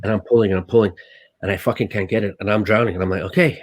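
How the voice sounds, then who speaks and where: A man who works as a stuntman, a guest telling stories in casual, animated talk, swearing often and acting out his own lines. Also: fairly low pitch, racing, no room sound. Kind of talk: casual storytelling.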